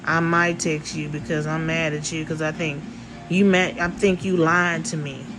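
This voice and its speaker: A woman quoting a pushy, defensive man on parole in her own slow voice, accusing and repeating himself. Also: low-pitched, fairly even intonation, over music, lightly acted. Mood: sulky. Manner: accusing, whiny repetition.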